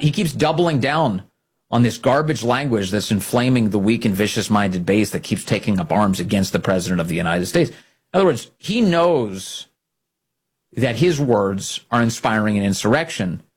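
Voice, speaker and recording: A man's voice: medium pitch, breathy edge. A man hosting a political commentary show, speaking emphatically and indignantly and repeating key phrases.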